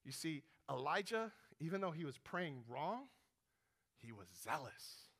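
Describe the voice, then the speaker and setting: A man preaches with real animation, acting out prayers as he retells a story. His voice sits high and has a gravelly edge. He swings from urgent pleas down to a near hush. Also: sing-song, measured pace. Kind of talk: sermon with dramatized retelling.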